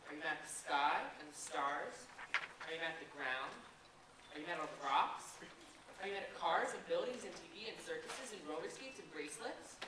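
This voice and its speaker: A woman on stage playing a calm, patient boy who asks questions in a gentle, quiet way. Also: deep voice, brisk, heavy background noise, lightly acted. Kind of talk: stage musical acting. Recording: echoey stage from far off, with music.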